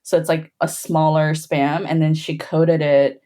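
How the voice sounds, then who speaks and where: Woman, podcast guest, animated chatty storyteller, lower voice. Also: unhurried. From grew up between Bolivia and the US. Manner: animated storyteller, laughing often, with frequent "like" fillers. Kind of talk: casual podcast chat.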